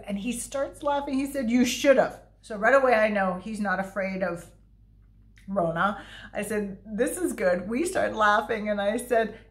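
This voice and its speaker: Animated storytelling woman vlogger. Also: a little high. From Canada. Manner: animated, laughing, quoting herself and others. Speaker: holistic therapist and vlogger. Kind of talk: casual storytelling vlog.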